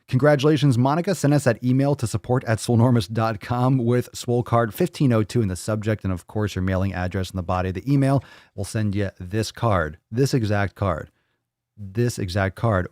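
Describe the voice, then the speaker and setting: Guy hosting a fitness livestream, kinda low voice, goofy and sweary, repeats stuff singsong, dry close sound. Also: darkish tone, dry recording. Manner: playful, loose and profane, repeating phrases in a sing-song way. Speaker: fitness show host. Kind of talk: casual livestream chat.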